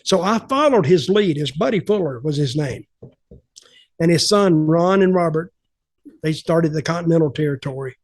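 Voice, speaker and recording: A man's voice: fairly high pitch, moderate pace, no echo. An older man, telling wrestling stories on a podcast and acting out other people's lines. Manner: animated, acts out quotes of others. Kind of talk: casual storytelling.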